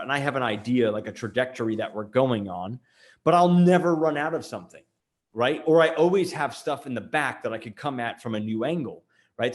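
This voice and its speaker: Male host, animated marketing talk, mid-pitched, lots of restarts and fillers. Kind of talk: casual marketing talk to camera.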